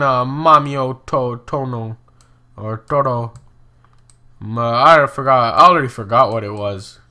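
A man's voice: on the high side, bright, forceful tone. A young man giving casual, chatty commentary on a geography guessing game, exclaiming and mocking himself as he goes. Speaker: gaming video host.

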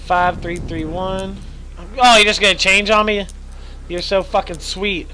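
A man doing casual let's play commentary, excitable, joking and swearing a lot. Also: high voice, measured pace, slight background noise. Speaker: gamer.

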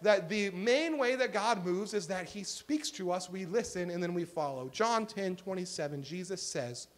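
High-voiced man preaching a sermon. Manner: earnest, swings from emphatic to hushed. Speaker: pastor. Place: church sanctuary.

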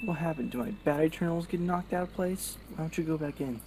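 A man's voice: on the high side, fast. A young man commenting on his gameplay, exasperated and swearing often. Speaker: gaming streamer. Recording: faint background noise.

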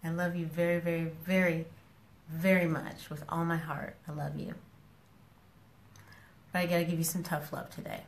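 Woman live-streaming, low voice, frank and scolding, affectionate, repeats herself, echoey room. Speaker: social media personality talking to followers. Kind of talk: casual live-stream talk to followers.

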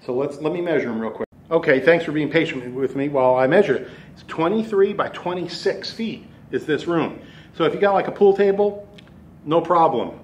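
Touring an empty, sizable house on camera, a middle-aged man in real estate keeps things loose, rambling, joking, and sounding slightly out of breath. His pitch is medium, the rooms echo, and there's slight background noise.

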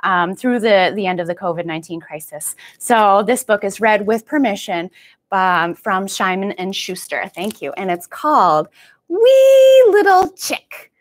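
A woman's voice: medium pitch, sing-song, a little slow. A woman leading a live-streamed baby storytime as a children's librarian, talking sing-song and playful, making animal sounds, heard through a camera across the room.

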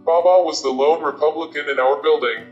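A man reading a novel aloud as an audiobook narrator, with a steady, even storytelling delivery. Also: a little high, brisk. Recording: roomy, dull lo-fi sound. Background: faint guitar music.

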